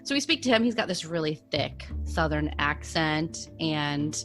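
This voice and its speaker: Woman co-host with a fairly low voice, rambling storyteller, faint music in the background. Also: lively intonation, normal speed, fairly bright tone. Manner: rambling, with lots of "like" and laughs. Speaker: podcast co-host. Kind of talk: casual storytelling chat.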